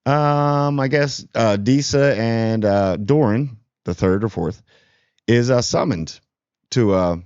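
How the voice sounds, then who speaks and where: A man's voice: mid-range voice, takes it slowly, a little mellow, smooth, no echo, lo-fi sound. A man hosting a casual TV spoiler review, rambling and sarcastic. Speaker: TV review channel host.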